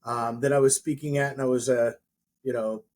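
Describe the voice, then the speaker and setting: A man's voice: mid-range voice, flat delivery, brisk, a little mellow. A man who works as a mortgage professional and trainer, chatting casually and telling a rambling story with frequent restarts. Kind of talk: casual podcast chat.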